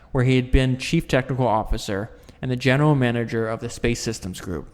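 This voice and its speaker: A man at an ordinary middle pitch reads a nonfiction book aloud. He often trips over words and restarts the sentence, and he drops in offhand explanations for the listener. His voice rings with a long echo, as if he is in a large hard room. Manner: stumbles and restarts mid-sentence, corrects himself. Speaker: book reader and commentator. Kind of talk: reading a nonfiction book aloud with casual asides.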